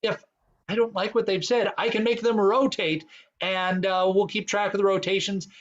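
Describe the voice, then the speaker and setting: A man's voice: sits high, flat delivery, moderate pace, lo-fi sound. A man hosting an online improv comedy game, explaining rules with plenty of fillers. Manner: rambling, many fillers. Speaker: improv show host.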